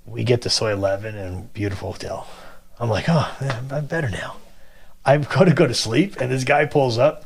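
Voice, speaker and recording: Man telling a story in low voice. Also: normal speed, gravelly. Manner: animated, acts out quoted people. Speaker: guest telling his story. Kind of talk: casual storytelling.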